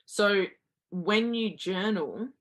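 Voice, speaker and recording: A woman's voice: medium pitch, drawn-out words. A woman guest giving earnest motivational advice, speaking directly to listeners as a confidence coach.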